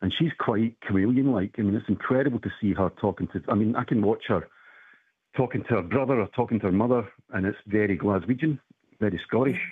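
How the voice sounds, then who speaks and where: A middle-aged man on a call, his voice husky and fairly low. He rambles casually with lots of ums. The sound is thin and phone-like, dry with no room. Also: fast talker, no echo. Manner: hesitant, rambling with fillers. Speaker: caller. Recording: tinny phone line.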